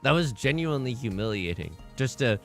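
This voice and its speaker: A young man casually chatting and commenting while streaming online mahjong, excitable and self-mocking, laughing often and jumping from loud outbursts to mumbled asides. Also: mid-range voice, brisk, faint music behind. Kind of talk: casual livestream chat and commentary.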